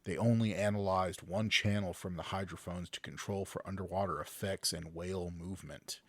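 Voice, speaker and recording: Man, deep voice, bright and punchy, dry studio sound, casual podcast co-host reading articles. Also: breathy edge, dry recording. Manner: reads articles then jokes, slips on words. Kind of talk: casual chat, reading news aloud.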